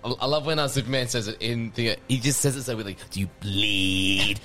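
A man, co-hosting a casual podcast and dropping quick jokes. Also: mid-range voice, fairly bright tone, faint music behind. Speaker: podcast co-host.

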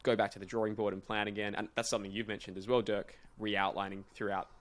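A man hosts a casual writing podcast and talks things through in a reflective, friendly way. His voice sits a little low. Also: flat delivery, fast talker. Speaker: podcast host.

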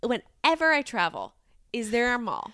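A woman hosting a podcast with a lively, swooping voice that is smooth and clear. She talks in a playful, theatrical way, recorded dry and close. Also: on the high side, moderate pace, no echo. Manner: playful, theatrical, calls people honey. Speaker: podcast host. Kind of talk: casual chat.

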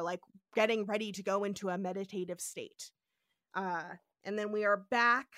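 Bright-toned woman podcaster, lively recapper, dry booth sound. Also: medium pitch, dry recording. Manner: animated, acts out quotes. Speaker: podcast co-host. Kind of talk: casual episode recap.

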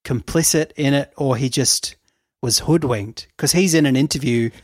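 A man with a mid-range voice swaps stories as a podcast co-host, talking at a normal speed in a chatty, laugh-filled way packed with fillers. There's no room sound, just a clean studio recording.

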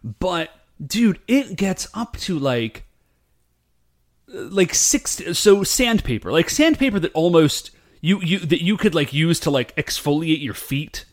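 Man, casual podcast chat, rambling and lively, pitch jumping around. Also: slow pace. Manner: animated, rambling, lots of fillers. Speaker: podcast co-host.

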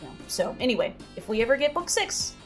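A woman's voice: fairly high pitch, very animated, fast, over loud music. A woman co-hosting a casual podcast, talking animatedly with lots of fillers, restarts and laughter. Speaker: podcast co-host. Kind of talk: casual chat.

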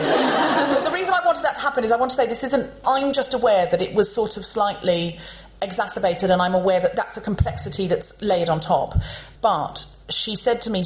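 A woman hosting a comedy podcast on stage, telling a story to a live audience in an animated, chatty way and acting out the people in it. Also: medium pitch.

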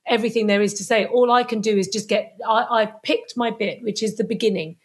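A woman speaking as a podcast guest on Chinese medicine, animated and acting out little scenes in other voices. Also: fairly high pitch, fairly quick. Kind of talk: podcast interview.

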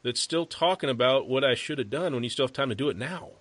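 Man, podcast host, forceful bright voice, emphatic and blunt, dry close sound. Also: medium pitch, fast, no echo. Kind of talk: casual interview chat.

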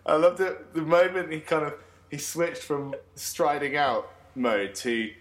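A man's voice: fairly high pitch, steady tone, measured pace. A man co-hosting a cricket podcast, chatting casually, laughing easily and rambling a bit. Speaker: podcast co-host. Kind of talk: casual chat.

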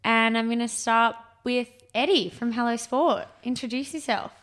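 A woman's voice: a little high, steady tone, normal speed, a bit bright. A woman co-hosting a casual chat podcast, upbeat and playful. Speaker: podcast co-host.

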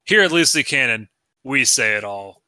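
Brief: male podcast co-host, crude teasing humor, very bright sharp tone. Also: medium pitch, expressive, moderate pace, no echo. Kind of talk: crude comedic podcast chat.

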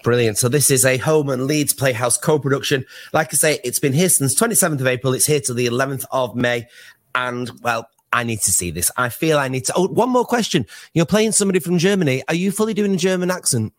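A man's voice: mid-range voice, lively intonation, quick pace. A radio show host, teasing his guests playfully. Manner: playful, teasing, bursts of laughter. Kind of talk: casual radio interview.

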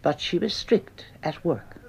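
A woman's voice: on the low side, lively intonation, measured pace, creaky, a little mellow, slight background noise. A woman, a former stage actress, reminiscing plainly and earnestly about rehearsals in an old archive recording. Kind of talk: archival interview recollection. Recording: muffled archival broadcast.

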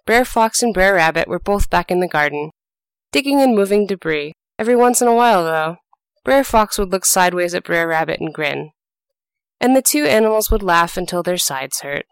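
A woman hosting a podcast, reading folk tales aloud in an animated, expressive storytelling style. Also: medium pitch, clear, resonant tone, no echo. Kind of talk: scripted storytelling narration.

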